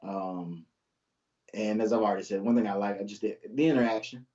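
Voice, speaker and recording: In a muffled recording, a young policeman with a warm voice on the low side talks a little fast. He's a relaxed guest in a casual interview chat, swapping stories from the job.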